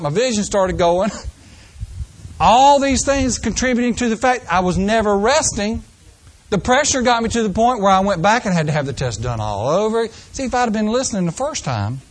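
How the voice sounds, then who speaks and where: A man's voice: high voice, expressive, moderate pace. An older man preaching a folksy sermon, acting out people's excuses in mock voices.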